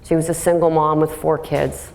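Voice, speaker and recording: A woman speaks to a room in a lively live talk, her voice sitting a little low. She is direct and plain-spoken and tells stories briskly. She slips into the voices of the people she describes. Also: vocal fry, slight background noise. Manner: lively storytelling, acts out quotes. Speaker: workplace speaker.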